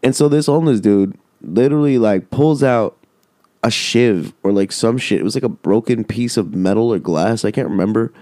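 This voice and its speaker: Man, casual storytelling, rambling and profane, lowish pitch, dark mellow tone, dry close mic. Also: normal speed, no room sound.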